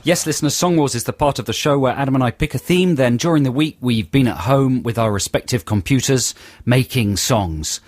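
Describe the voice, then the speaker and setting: A man's voice: medium pitch, a little fast, no room sound. A man co-hosting a comic radio show in a studio, reading listener emails with dry asides and playful impressions. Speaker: radio co-host. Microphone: studio microphone.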